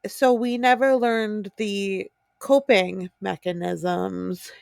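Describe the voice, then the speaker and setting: A woman's voice: medium pitch, fairly even intonation, takes it slowly, gravelly, a little mellow, no room sound, studio quality. A woman co-hosting a podcast who talks in a reflective, supportive way and often chimes in. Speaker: podcast co-host. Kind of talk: casual chat.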